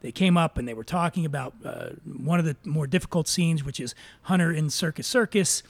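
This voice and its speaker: A man hosting a podcast, telling stories in casual, animated chat. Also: a little high, fairly quick. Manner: storytelling, animated asides. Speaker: podcast host.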